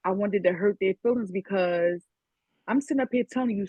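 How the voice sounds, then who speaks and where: A woman on a casual podcast panel, recalling her own parenting in a candid, relaxed way with quoted asides. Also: medium pitch, fairly quick, husky, no echo. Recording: dull lo-fi recording.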